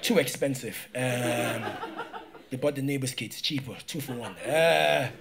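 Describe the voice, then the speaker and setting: A man from Africa doing stand-up comedy, telling a story in an animated way, laughing and swearing, with frequent "right?" asides. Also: medium pitch, measured pace, gravelly, a crowd in the background.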